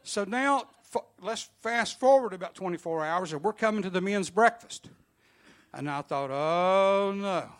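A man telling an animated, funny story to a church congregation. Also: sits high, moderate pace.

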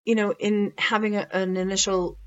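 A woman's voice: mid-range voice, level tone, moderate pace, muffled recording. A woman sharing a personal faith testimony in a casual, rambling way, full of fillers and restarts.

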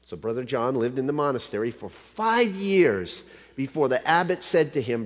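A man's voice: medium pitch, big pitch swings, normal speed. A man preaching a sermon as a pastor, in a conversational way that keeps asking the audience rhetorical questions. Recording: reverberant hall.

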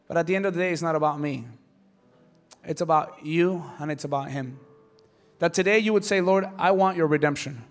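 A male pastor preaching a sermon with passion, swinging from hushed lines to shouts. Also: fairly high pitch, a little fast.

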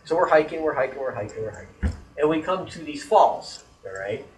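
A man chatting casually and telling a story with big swings in his voice, cursing and laughing. His voice is a little high for a man. He sits back from the microphone, so he sounds distant. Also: a little fast, roomy sound. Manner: animated, swearing, laughing storyteller. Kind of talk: casual chat. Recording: voice distant from the mic.

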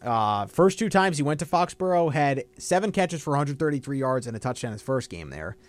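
Measured man talking football picks. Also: mid-range voice, sing-song. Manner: analytical, stat-heavy, measured. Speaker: sports podcast co-host. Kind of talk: casual sports picks chat.

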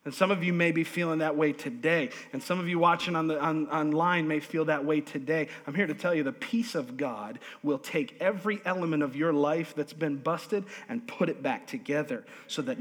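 A man preaching a sermon to a congregation, pressing his points with repeated words and calls of amen, swinging between loud emphasis and hushed asides. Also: a little high, moderate pace, few pauses. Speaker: pastor. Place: church sanctuary. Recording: long reverb of a large hall.

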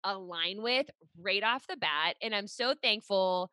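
The young podcast host and personal trainer gushes with enthusiasm in a casual chat, filling it with "like." Her medium-pitched voice is unhurried, bright, forceful, clear, and resonant, captured in clean studio sound without room reverb.

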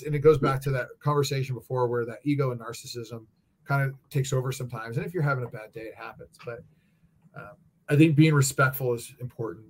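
A man with an ordinary mid-range voice chats candidly. He tells long, rambling stories, peppered with casual curses and fillers. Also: mid-range voice. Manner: candid storytelling, heavy swearing and fillers. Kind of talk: casual chat.

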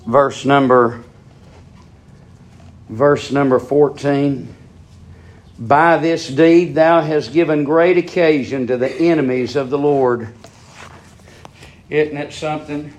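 A man preaching a sermon with fervor, asking his listeners question after question and swinging from loud, high peaks down to low, quiet asides. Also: steady tone, takes it slowly, pauses often. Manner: fervent, rises to high shouting peaks then drops low; asks the congregation rhetorical questions.

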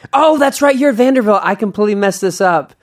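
A man's voice: sits high, lively intonation, fairly quick. A young man hosting a podcast in casual chat, eager and rambling, often restarting his sentences and laughing along. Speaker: podcast host.

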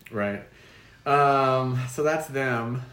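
A man with an average-pitched voice co-hosts a casual chat, wandering through his points with lots of ums and restarts. The sound is roomy and echoey. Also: drawn-out words, fairly bright tone. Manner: rambling, many ums and restarts. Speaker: podcast co-host.

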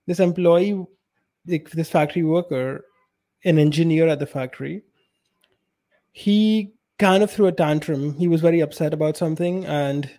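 A man talks bluntly on a casual podcast, and his voice sits a little high. The tone is soft and mellow rather than bright. He gives his opinions without softening them. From India. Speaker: podcast co-host. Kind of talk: casual chat.

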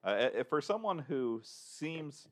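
A man's voice: a little high, animated, a little slow. A man hosting a casual podcast, laughing often and teasing his co-hosts. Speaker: podcast host.

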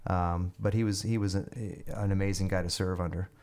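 A man with a fairly low voice spins a long story in a casual podcast interview. He rambles, restarts and leans on fillers, his delivery animated and loose. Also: a little fast. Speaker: guest musician and army veteran.

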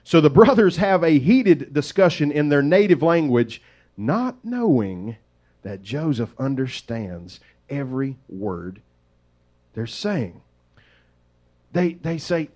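A man preaching, retelling a story in a lively, conversational way with folksy asides. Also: a little high, takes it slowly. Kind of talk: sermon storytelling.

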